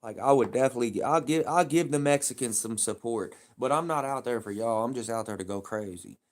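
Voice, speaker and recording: A man's voice: mid-range voice, brisk. A man live streaming, talking in a casual, heated and profane rambling rant.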